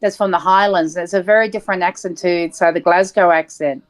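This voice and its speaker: A woman's voice: fairly low pitch, fairly even intonation, fairly quick. Rambling woman, lots of ums. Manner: rambling, thinks aloud with ums. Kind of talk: casual chat.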